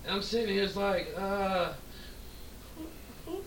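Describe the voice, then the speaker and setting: This co-host's voice is high-pitched and creaky, and he speaks a little slowly. During a drunk storytelling chat on the podcast, he spins a long, profane tale with animated energy, voicing the quoted dialogue himself. The audio has an echoey room, a faraway mic and faint hiss.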